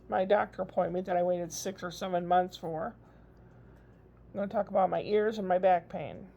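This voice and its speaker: Gravelly-voiced older grandmother rambling. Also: mid-range voice, darkish tone. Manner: chatty, rambling, frequent laughs. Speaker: vlogger. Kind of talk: casual rambling video diary. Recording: dull lo-fi recording.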